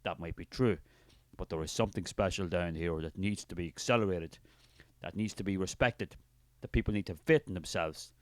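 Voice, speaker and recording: A man's voice: sits low, brisk, no room sound, lightly acted. An Irish man playing a preachy, fervent male spirit of artistic creativity who rambles grandly in a comic character sketch.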